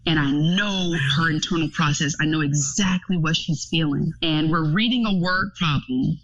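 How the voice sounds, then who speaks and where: A woman's voice: low-pitched, moderate pace. A woman speaking as a podcast guest in candid casual chat, telling stories frankly with plenty of swearing. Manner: frank, profane, animated storytelling. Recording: dull lo-fi podcast audio.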